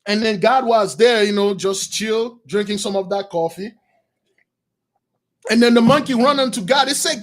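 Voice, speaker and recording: Using simple non-standard English, a man with a high-sitting voice preaches at a moderate pace through a lively moral tale. He gets excitable and breaks out into shouts.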